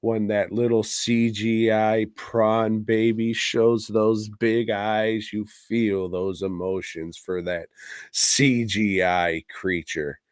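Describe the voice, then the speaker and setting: A man's voice: lowish voice, little pitch movement, slow pace, clean tone, no echo, studio quality. A man co-hosting a casual movie review podcast, teasing his co-host and swearing freely. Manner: profane, teasing, drawling.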